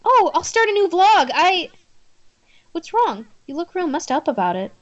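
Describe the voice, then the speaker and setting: A woman voicing a bubbly, excitable young woman in a visual novel, gushing and breathless. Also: very high voice, normal speed, lo-fi sound, voice pushed up. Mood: chirpy.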